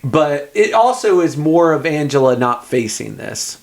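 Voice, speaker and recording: A man co-hosting a casual movie discussion, retelling scenes with lively quoted lines and frequent laughs. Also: a little high, measured pace, creaky. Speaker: podcast co-host.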